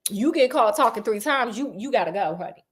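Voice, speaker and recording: Young woman, chatty storyteller, sassy slang, casual retelling, fairly high voice. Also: animated, brisk. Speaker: storyteller host.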